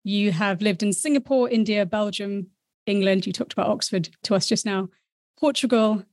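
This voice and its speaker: A woman's voice: medium pitch, moderate pace, no echo, clean studio sound. A woman from New Zealand with a light Kiwi accent, co-hosting a podcast and introducing and questioning a guest. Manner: warm, scripted introduction then conversational questions. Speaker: podcast co-host. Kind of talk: interview hosting.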